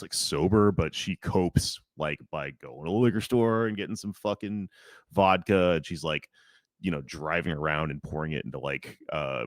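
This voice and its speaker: In a casual conversation, this podcast co-host loosely recaps a movie, full of fillers and false starts. He has a deep voice, with no echo on the recording.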